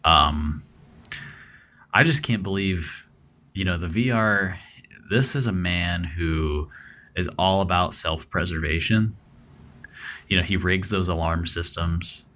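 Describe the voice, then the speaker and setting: Man, podcast co-host, very low voice, bright forceful tone, rambling with fillers. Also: slow, pauses often. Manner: rambling, many fillers and restarts. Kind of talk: casual true-crime discussion.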